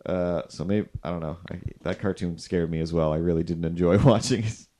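A man's voice: low voice, fairly even intonation, fairly quick, mellow. A man hosting a podcast in casual, rambling, jokey chat, sometimes putting himself down. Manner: rambling, jokey, self-deprecating. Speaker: podcast host.

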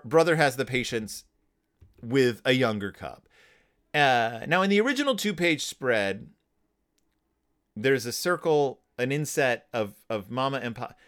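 A man's voice: mid-range voice, smooth. A man hosting a podcast, casually talking through a children's book with frequent restarts and fillers. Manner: lively, halting with many restarts and fillers. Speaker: podcast host.

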